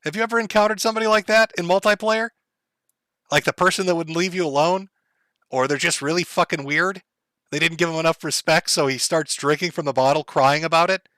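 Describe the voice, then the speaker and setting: A man with a high, bright voice mocks a clip as he streams, swearing freely and cracking up. He sounds close and dry on the mic. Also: fairly even intonation, brisk, no echo. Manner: sarcastic, profane, laughing often. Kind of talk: casual mocking commentary.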